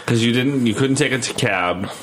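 A man's voice: medium pitch, normal speed, a bit bright. A man hosting a casual chat, asking joking and prompting questions. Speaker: host. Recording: faint background noise.

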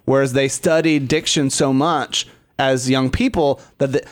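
A man's voice: medium pitch, fairly even intonation, unhurried. A man in casual podcast chat, explaining his ideas at length in a thoughtful way.

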